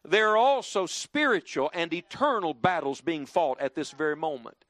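A man's voice: fairly high pitch, moderate pace, fairly bright tone, no echo. A man preaching a sermon to a church congregation, swinging his voice up and down for emphasis and leading the crowd in call-and-response.

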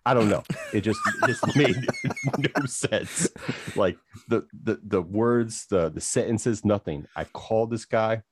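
A man's voice: on the low side, a little slow, slight background noise. A man co-hosting a podcast, ranting with profanity and exasperation in casual chat. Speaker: podcast co-host.

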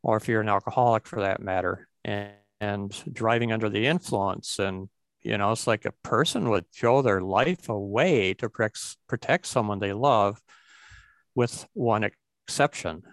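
A man's voice: lowish voice, unhurried, no room sound. A man hosting a conversation about recovery, speaking reflectively and restarting his sentences often.

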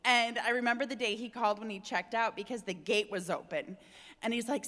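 A woman's voice: fairly high pitch, steady tone, fairly quick, fairly bright tone, big-room sound. A woman guest in an interview, talking candidly and chattily with many fillers. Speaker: real estate agent, interview guest. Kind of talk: casual interview talk.

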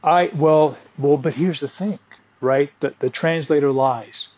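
A man's voice: on the high side, a little slow, darkish tone, highs cut off. A man who teaches martial arts, a guest on an interview podcast, speaking in a friendly, hesitant way with frequent restarts. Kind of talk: conversational interview.

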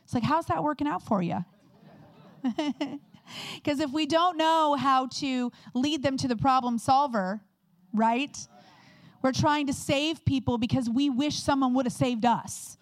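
Higher-voiced woman preaching candidly. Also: steady tone, dry recording. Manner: candid, conversational preaching with quick asides. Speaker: guest speaker. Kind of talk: sermon.

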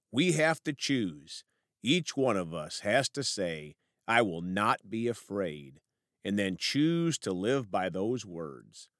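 A man's voice: on the low side, a bit bright, no room sound, studio quality. A man preaching a sermon, praying and reading scripture verses aloud in an earnest manner.

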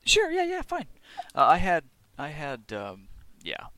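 A man narrating as game master of a tabletop role-playing game, chatty and quick to laugh. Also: fairly high pitch, wildly swooping pitch, sharp tone.

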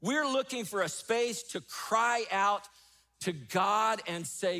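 Emphatic high-voiced male preacher. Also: takes it slowly, pushed and bright. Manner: emphatic, rising and falling, repeats key phrases. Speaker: pastor. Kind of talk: sermon.

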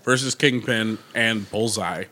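A blunt man on a podcast who swears casually as he weighs in. His voice sits fairly low. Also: a little slow, pushed and bright. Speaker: podcast co-host. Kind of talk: casual chat.

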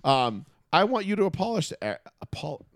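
A man's voice: fairly high pitch, sing-song, quick pace, no echo. A man co-hosting a casual sports podcast, ranting and cursing, often breaking into laughter. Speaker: podcast co-host.

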